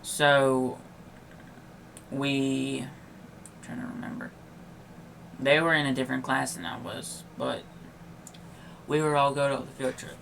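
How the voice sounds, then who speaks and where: Yawning young man, gravelly, rambling. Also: medium pitch, fairly even intonation, slow pace, long pauses, a bit bright, slight background noise. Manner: rambling, filler-heavy with many likes and restarts. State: tired and yawning. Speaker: podcast host. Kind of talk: casual personal storytelling.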